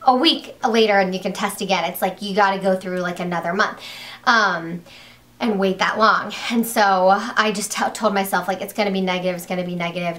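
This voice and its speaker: A young woman talks straight to her viewers in a casual vlog. She tells the story in a loose, rambling way, full of "like" and false starts, and her voice jumps up with excitement. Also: medium pitch. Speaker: vlogger.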